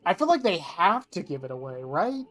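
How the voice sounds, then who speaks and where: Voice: medium pitch, very animated, normal speed, fairly bright tone. A game streamer at a desk chatting casually with viewers, rambling and offhand, answering chat questions and swearing now and then. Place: at a desk indoors.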